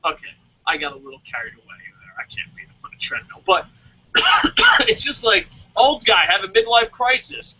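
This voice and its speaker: A man hosting a wrestling review show, ranting loudly with constant swearing and mocking voices. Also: high-pitched, wildly swooping pitch, moderate pace, lo-fi sound, noisy background. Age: adult, calls himself old. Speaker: wrestling vlog host. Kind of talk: profane comedic rant. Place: lives in Tokyo.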